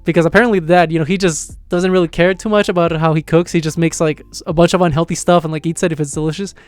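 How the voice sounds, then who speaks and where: A man giving a casual, rambling reaction review of a manga, full of fillers and excited retelling. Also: on the high side, quick pace, no room sound.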